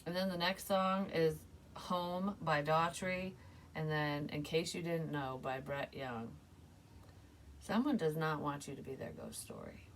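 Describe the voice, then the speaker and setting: Low-pitched woman doing a casual tarot reading, chatty and emotional, swears a bit, faint hiss behind. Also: big pitch swings, a little slow. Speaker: psychic tarot reader.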